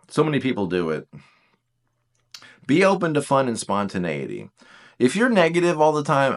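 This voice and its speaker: This Enneagram teacher's medium-pitched voice moves at a normal speed with long pauses. Teaching personality types, the man is casual, animated, and self-deprecating, performing quoted bits of dialogue.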